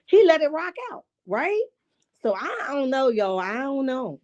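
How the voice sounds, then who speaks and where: A woman hosting a reality-show recap, talking in a casual, sassy and profane way, her voice a bit raspy this morning. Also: high voice, big pitch swings, unhurried, darkish tone, lo-fi sound. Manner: sassy, profane, rhetorical asides with "okay?" and "right?". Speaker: reality TV commentary host.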